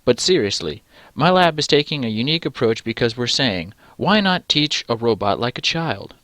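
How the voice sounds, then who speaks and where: A man's voice: medium pitch, very animated, moderate pace, fairly bright tone, no room sound. A man voicing a pompous male scientist who talks in a put-on American Southern drawl. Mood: smug. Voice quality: pompous, condescending.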